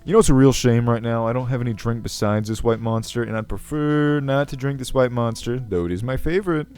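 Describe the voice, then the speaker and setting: A man's voice: mid-range voice, a little fast, darkish tone, smooth, soft background music, close to an everyday voice. A man playing a pompous goblin king. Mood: rambling. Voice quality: crackly voice. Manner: pompous, rambling, self-assured. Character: self-important ancient male goblin king. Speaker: video host. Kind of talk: character comedy Q&A.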